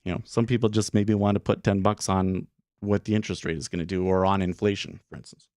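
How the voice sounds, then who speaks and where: A man's voice: low-pitched, steady tone, quick pace, darkish tone, dry recording, studio quality. A man hosting a day trading livestream, talking casually and rambling with lots of fillers and restarts. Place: home studio room.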